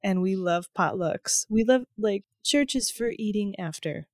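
A woman from the American Midwest, co-hosting a casual podcast chat. She talks in a chatty way with wry quips and quick reactions, in a mid-range voice. The sound is dry and close to the mic. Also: medium pitch, expressive, darkish tone, dry recording. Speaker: podcast co-host.

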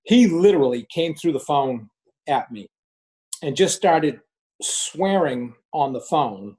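A man's voice: a little high, takes it slowly. A man in his sixties, a former finance manager, telling a casual story and acting out the dialogue with animation. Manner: animated, acts out quoted dialogue. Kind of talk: casual spoken anecdote.

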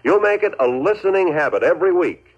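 A man's voice: high voice, expressive, fast talker, slightly rough. A man reading credits and promotions as a formal 1950s radio announcer. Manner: formal and polished. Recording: dull old radio broadcast.

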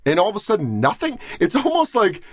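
A young man, a comedian guest, talking in a rambling, self-deprecating, animated way on a podcast. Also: high voice, fast, dry recording, highs cut off. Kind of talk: casual podcast conversation.

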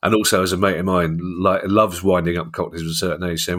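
A man's voice: low voice, fairly even intonation, fast talker, a bit bright. A man with a South London accent hosting a football finance podcast, chatty and jokey with lots of asides. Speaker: podcast host. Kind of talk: casual chat.

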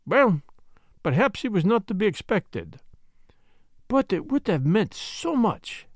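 A man's voice: high-pitched, sing-song, takes it slowly, dry recording, clean studio sound, voice pushed up, heavily acted. A man voicing a fussy, shrewd older Belgian detective in a storybook reading, with precise, formal speech. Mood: musing.

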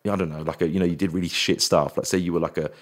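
A man, chatting as a guest in an interview and often slipping into quick put-on voices and impressions. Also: deep voice, steady tone. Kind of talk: casual interview chat.

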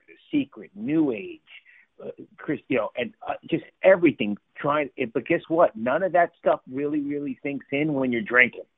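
Man, from New Jersey, radio guest, lively and emphatic storyteller, phone-line sound, dry. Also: mid-range voice, dry recording. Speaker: guest, life coach. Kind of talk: recovery story told in a radio interview.

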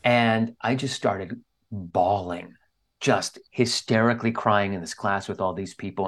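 A man's voice: lowish voice, measured pace. A man speaking as an interview guest, telling a candid personal story in an earnest, openly emotional way. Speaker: guest author.

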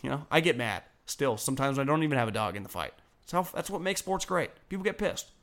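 A man chatting loosely on a sports podcast, cursing often and laughing between his points. His voice sits in a middling range with a bright, forward edge. He rambles, restarts, and circles back to his point. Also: mid-range voice, expressive, fast talker. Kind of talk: casual sports chat.

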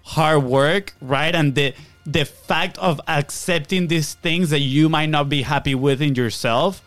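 A man with a smooth, resonant voice reflects out loud on a podcast and often adds "right?" to check in with his listener. He is recorded dry and close, with faint music underneath. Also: a little high, measured pace, no echo. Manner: reflective, tag questions "right?". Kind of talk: casual podcast conversation.

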